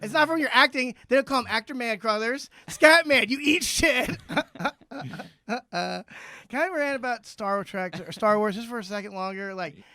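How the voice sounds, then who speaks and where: Comic host, very high piercing voice, dry close sound, swears through an agitated rant. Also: male voice, normal speed, sharp tone, dry recording. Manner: profane, agitated ranting. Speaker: podcast co-host. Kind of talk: comedic rant. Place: club basement studio.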